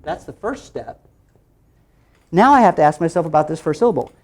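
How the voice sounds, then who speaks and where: A man training teachers in a phonics workshop, lively and quick to jump in pitch, asking questions and answering them himself as he chants through repeated steps.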